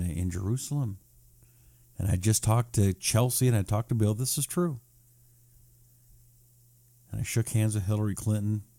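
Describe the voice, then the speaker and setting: A man hosting a live political talk show, reading viewer comments in a sarcastic, animated way. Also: fairly low pitch.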